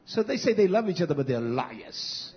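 Male preacher with a high voice, fiery and scolding, muffled lo-fi sound. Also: big pitch swings, moderate pace. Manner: fiery, scolding, swings between shouted and hushed lines. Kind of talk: fiery sermon. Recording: dull lo-fi recording.

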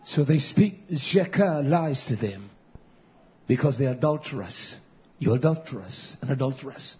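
A man preaching a fiery sermon as pastor, dropping to low mutters and rising to shouted, high cries. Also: lively intonation, a little slow, slightly rough. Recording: dull lo-fi sound.

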